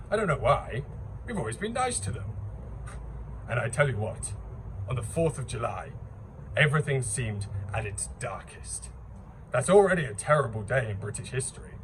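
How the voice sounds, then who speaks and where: Man as rambling british siege survivor, lively pitch, far from mic, noisy. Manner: rambling, theatrical, patriotic bluster. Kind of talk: improvised comedy sketch. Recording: distant mic with noise.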